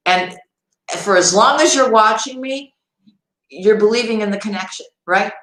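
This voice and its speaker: A woman's voice: mid-range voice, moderate pace, a bit bright, reverberant, poor audio. Chatty woman doing a live tarot reading. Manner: chatty, laughs often, addresses viewers directly. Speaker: tarot reader.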